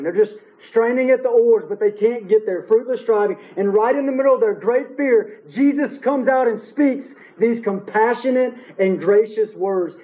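A man's voice: high voice, darkish tone, poor audio. A man preaching an expository sermon, stressing key phrases by repeating them and asking his listeners rhetorical questions. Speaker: pastor.

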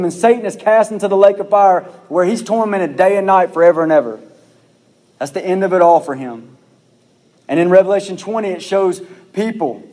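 A man's voice: high-pitched, darkish tone. A man preaching a sermon as pastor, earnest and pleading, repeating his phrases for emphasis. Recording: long reverb of a hall.

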